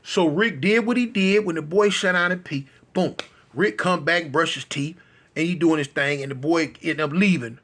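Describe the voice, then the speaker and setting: A man spins a casual story with lots of fillers and restarts. His voice sits high and sounds bright and sharp, and he gets lively as he goes. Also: moderate pace. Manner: animated, rambling with many fillers and repeats.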